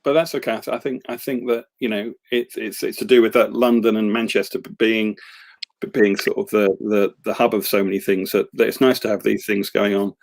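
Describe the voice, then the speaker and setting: A man's voice: fairly low pitch, steady tone, fairly quick, creaky. A man hosting a casual live-stream chat, talkative and self-deprecating, full of restarts and tag questions. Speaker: host and poet.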